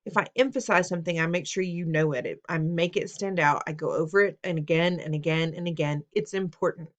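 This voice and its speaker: A woman with a voice on the low side, speaking a little fast over dull audio, leads students through reading test questions in a recorded test-prep lesson. She stays patient and instructive, repeats the steps, poses questions, and teases them playfully.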